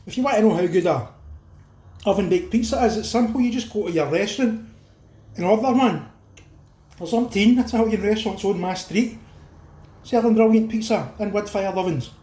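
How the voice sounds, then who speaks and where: Scottish male cooking vlogger, mellow voice, roomy kitchen sound, chatty and informal. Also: high voice. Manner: chatty, addresses viewers as folks, eats while talking. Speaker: cooking channel host. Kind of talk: casual cooking vlog, tasting food.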